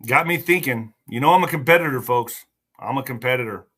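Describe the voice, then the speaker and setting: A man hosting a political livestream, talking in an excitable, mocking, rambling way with many asides. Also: mid-range voice, fairly quick. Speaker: livestream host.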